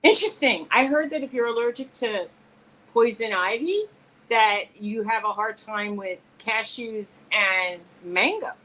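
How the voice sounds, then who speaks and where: Chatty, higher-pitched woman co-host. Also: measured pace, sharp tone, a little hiss or hum, low-quality recording. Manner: chatty, laughs easily, plays with pronunciations. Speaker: live show co-host. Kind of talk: casual chat between friends.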